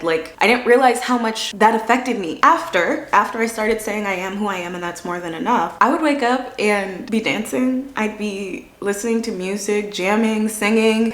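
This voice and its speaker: A woman, a manifestation coach, talking casually and earnestly to her viewers, chatty and emotional and quick to laugh. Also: mid-range voice, fairly bright tone. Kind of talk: casual personal vlog talk. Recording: roomy echo.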